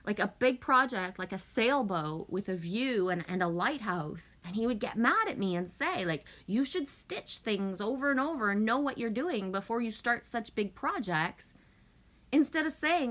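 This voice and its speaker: A woman's voice: a little high, fairly bright tone. A woman hosting a casual livestream, rambling and emphatic as she vents to her viewers, swearing often. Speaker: livestream host. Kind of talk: casual venting to chat.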